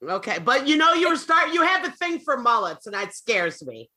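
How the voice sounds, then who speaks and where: A woman co-hosting a podcast, teasing the others with quick remarks in casual chat. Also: on the high side, very animated, pushed and bright.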